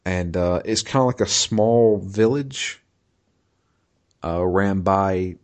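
A man in casual chat, recapping a game in a halting way with many fillers and restarts. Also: deep voice, darkish tone. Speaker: podcast co-host recapping a video game.

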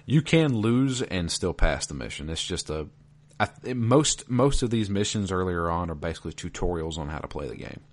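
A man's voice: low-pitched, normal speed. A man from the American South, chatting casually as a podcast co-host and recounting a video game with many fillers. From Georgia, US South. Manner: relaxed, rambling with many fillers.

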